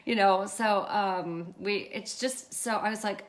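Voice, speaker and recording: A woman hosting a livestream, telling a story to her viewers in a casual, animated way, acting out the dialogue and calling out to them often. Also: mid-range voice, moderate pace. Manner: animated, acts out quoted dialogue, keeps addressing viewers. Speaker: livestream host.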